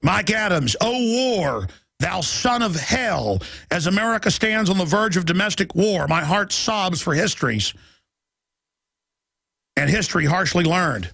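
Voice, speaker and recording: A middle-aged man hosting a political talk radio show, ranting urgently and reading headlines aloud in quick bursts. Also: sits high, expressive, vocal fry, sharp tone, dry recording. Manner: urgent, alarmed, rapid-fire ranting.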